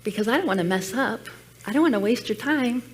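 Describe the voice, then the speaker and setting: A woman's voice: on the high side, lively intonation, brisk. A woman giving a personal sermon message at a church, telling her story in an earnest, reflective way. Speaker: guest speaker at church. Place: church sanctuary.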